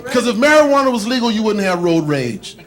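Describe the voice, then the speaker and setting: A man's voice: sits high, sing-song, fast, noisy background. A man from Texas doing a stand-up comedy set, chatty and working the crowd with lots of "man" and "you know", recorded live in a comedy club.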